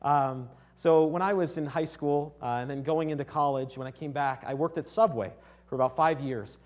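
A man's voice: on the high side, moderate pace. Earnest young man preaching a sermon. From Connecticut. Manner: earnest, conversational, with frequent restarts and rhetorical "right?".

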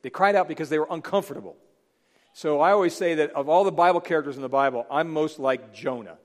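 A middle-aged man preaching a sermon, animated, acting out Bible figures in voices. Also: fairly high pitch, fast. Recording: long hall reverb.

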